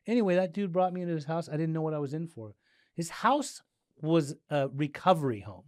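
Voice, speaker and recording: A middle-aged man from Southern California, a guest in a casual interview, telling his story with animated delivery and acting out the dialogue. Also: a little high, a little fast, no room sound, studio quality. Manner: animated, acts out dialogue, frequent "like" and restarts.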